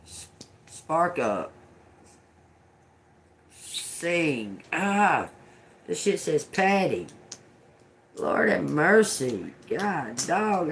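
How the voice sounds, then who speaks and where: A man's voice: medium pitch, creaky, fairly bright tone, a little hiss or hum. A man doing a casual live oracle reading, profane and muttering word by word, breaking off to scold someone nearby. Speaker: livestream oracle reader.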